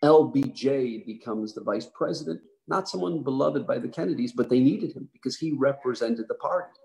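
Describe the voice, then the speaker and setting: Animated, storytelling rabbi, man. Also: medium pitch, moderate pace, creaky, low-quality recording. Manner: animated storytelling, emphatic, asks the audience questions. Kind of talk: history lecture.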